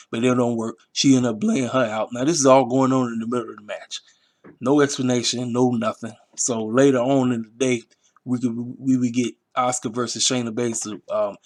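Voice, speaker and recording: A man hosting his own wrestling review channel, talking in a casual, rambling, emphatic way full of slang and repetition. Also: medium pitch. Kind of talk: casual commentary.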